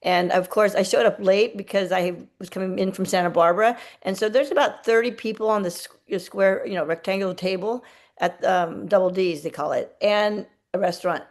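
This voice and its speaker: A woman's voice: medium pitch, brisk. A woman on a video call, casually telling a story and acting out the dialogue. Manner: chatty, acts out quoted dialogue. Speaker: team member sharing a story.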